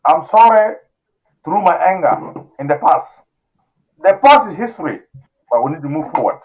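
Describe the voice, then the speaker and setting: A man's voice: big pitch swings, moderate pace, rough recording. A man hosting a talk show, talking with emotion, pleading and repeating himself. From South Sudan. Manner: emotional, pleading, repeats phrases, voice swings high and low. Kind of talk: impassioned call-in talk show.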